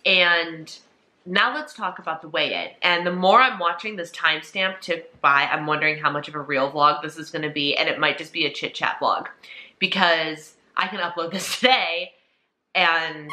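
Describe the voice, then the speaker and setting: A woman's voice: low-pitched, moderate pace, pushed and bright. A woman in her thirties chatting earnestly and emotionally to her viewers in a casual vlog at home. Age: 30s. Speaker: vlogger. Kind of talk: casual chat.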